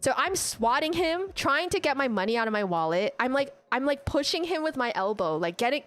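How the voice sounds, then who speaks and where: A young woman streamer chatting casually, telling an animated story full of "like" and restarts. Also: high voice. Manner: animated storytelling, heavy use of "like". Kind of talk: casual chat.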